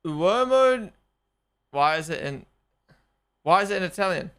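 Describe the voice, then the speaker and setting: A young man live-streaming his reactions to a race broadcast, excitable and quick to repeat himself. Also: on the high side, clean tone.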